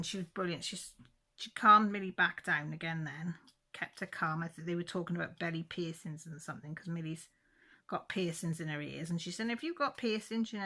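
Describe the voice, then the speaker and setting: A woman's voice: mid-range voice, pushed and bright. A middle-aged woman from England, chatting casually and telling a long story full of quoted dialogue and restarts. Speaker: crafting vlogger. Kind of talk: casual chat.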